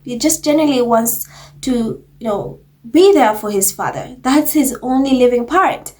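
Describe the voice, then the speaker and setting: A woman's voice: a little high, moderate pace, darkish tone. A woman giving casual, chatty commentary on royal gossip, laughing often as she talks. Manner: chatty, laughs often, mocking quoted voices.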